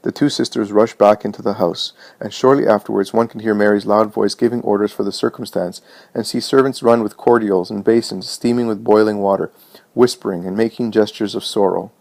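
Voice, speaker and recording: A man reading a religious story aloud in a measured, steady narration. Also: on the low side, vocal fry. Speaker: reader.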